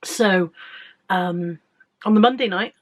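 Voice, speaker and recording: A woman in her late forties with an English accent, talking candidly and a little croakily in a casual vlog about her weight-loss week. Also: medium pitch, slow. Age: 40s. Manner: candid, chatty, rambling with restarts. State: slightly croaky.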